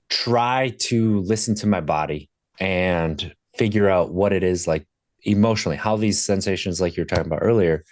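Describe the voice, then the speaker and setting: A man talking as a podcast guest, telling a candid personal story in a reflective, halting way with restarts. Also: lowish voice, no echo, studio quality.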